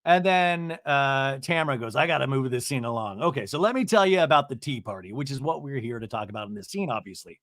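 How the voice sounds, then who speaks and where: A man hosting a podcast, chatting through a comedic reality TV recap in a gossipy way and slipping into quick mock voices. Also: medium pitch, lively intonation, a bit bright, no echo, studio quality.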